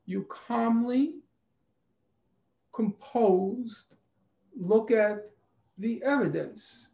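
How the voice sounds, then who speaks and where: A man giving a deliberate, emphatic conference talk over a video call, repeating phrases for stress. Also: very high voice, animated, warm tone. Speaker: conference speaker. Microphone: computer mic on a video call. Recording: echoey, dull video-call audio.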